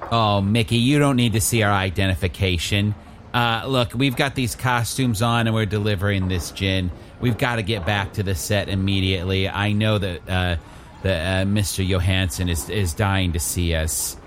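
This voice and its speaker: A man's voice: lowish voice, fairly even intonation, moderate pace, slight background noise, close to an everyday voice. A man playing a sly, wheedling stage mother. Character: scheming motherly woman, a starlet's mom.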